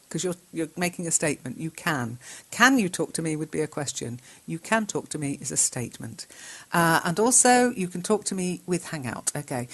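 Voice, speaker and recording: A woman giving a casual spoken lesson, reading out learners' chat messages and correcting them with frequent ums and giggles. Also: lowish voice. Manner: chatty and giggly, spells out punctuation, frequent ums. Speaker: English teacher reviewing learners' chat posts.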